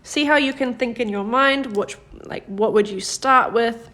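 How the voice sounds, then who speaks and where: A woman teaching a live-streamed grammar lesson, patient and encouraging, praising viewers by name and slowing down to model example sentences. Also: on the high side, bright, forceful tone. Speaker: Korean language teacher.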